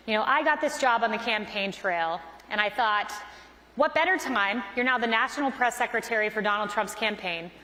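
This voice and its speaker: A woman's voice: on the high side, a bit bright. Woman telling her story in a reverberant hall. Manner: earnest storytelling with quoted dialogue. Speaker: conference speaker. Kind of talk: motivational speech telling a personal story. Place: large conference hall. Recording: echoey hall with long reverb.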